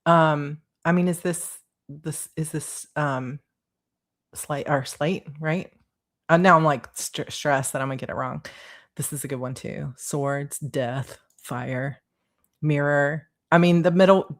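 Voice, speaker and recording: A woman's voice: sits low, fairly even intonation, a little slow. A woman author hosting a casual livestream, bubbly and giggly, reading viewer comments aloud.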